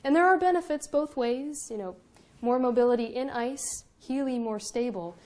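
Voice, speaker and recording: A young woman, a Coast Guard officer, giving a public lecture in a museum with lively, self-mocking stories. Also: high voice, moderate pace.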